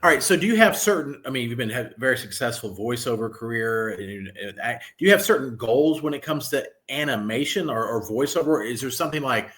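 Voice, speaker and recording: A man hosting a casual podcast chat. He is relaxed and joking, and encourages his guest. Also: medium pitch, fairly quick, few pauses. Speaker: podcast host.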